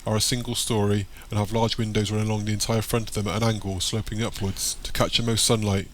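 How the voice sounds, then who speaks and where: A man narrating an audiobook in a plain, steady reading voice. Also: on the low side, fast talker, slight background noise.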